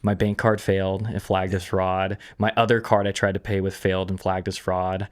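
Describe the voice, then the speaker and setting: Young guy with a really low voice, chatty, says like a lot, acts out the people in his stories. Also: moderate pace, smooth. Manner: animated, lots of "like" fillers, acts out quoted voices. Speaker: photographer guest. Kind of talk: casual podcast storytelling.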